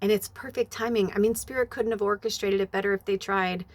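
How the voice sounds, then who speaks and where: A woman giving a casual spiritual reading who rambles with many fillers and bursts into high acted-out quotes. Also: steady tone, fast.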